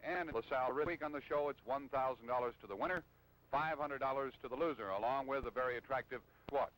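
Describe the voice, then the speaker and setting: A man's voice: mid-range voice, fast, fairly bright tone. A man hosting a televised bowling show, introducing the players with an upbeat announcer's manner and then calling the play. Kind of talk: TV sports commentary. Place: bowling alley. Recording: noisy old TV broadcast.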